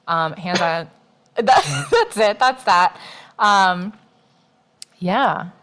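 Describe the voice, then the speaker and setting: A woman's voice: on the low side, animated, very slow, fairly bright tone. Young woman on a chatty podcast, blunt, swears a lot, laughs, does little voices for quotes. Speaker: podcast co-host. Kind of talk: casual chat.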